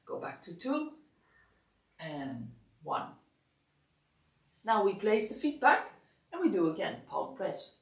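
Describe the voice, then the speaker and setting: A woman's voice: medium pitch, measured pace, pauses often, recorded from a distance. Sleepy massage teacher, woman, echoey room. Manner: calm step-by-step guidance, counting aloud. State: sleepy, yawning. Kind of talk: instructional class demonstration. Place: massage studio.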